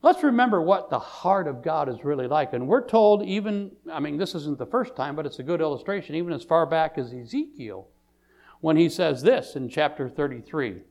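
Preacher guy, kinda high voice, goes big then real quiet, repeats himself a lot. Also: lively intonation, normal speed, vocal fry. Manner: preaching with big swings from loud to soft; repeats words when building a point. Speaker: pastor. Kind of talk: sermon.

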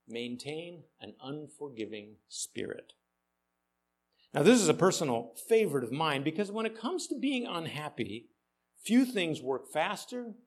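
A male pastor delivers a sermon to his congregation in a slightly higher-than-usual voice. His humor is dry and ironic, and he often throws questions out to the room. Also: darkish tone.

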